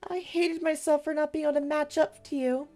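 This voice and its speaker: A woman reading out a video game's dialogue for an earnest, guilt-ridden young man in her own high voice. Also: steady tone, fairly quick, dark tone, soft background music, natural voice. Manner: reading game dialogue aloud.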